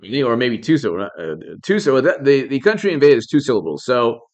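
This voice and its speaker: A man's voice: mid-range voice, sing-song, fairly quick, darkish tone. Indignant man firing rhetorical questions. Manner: thanks viewers by name while talking. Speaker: political commentary host. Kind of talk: live-stream political commentary.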